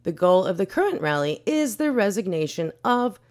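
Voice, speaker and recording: A woman's voice: medium pitch, big pitch swings, moderate pace, darkish tone. A woman hosting a podcast, ranting in a blunt, profane, indignant way. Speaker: podcast host.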